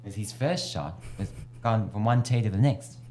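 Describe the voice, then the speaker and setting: A man's voice: fairly low pitch, normal speed, darkish tone. A man hosting a radio show, telling jokes in a playful, giggly way. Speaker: radio host. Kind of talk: casual radio chat and joke telling.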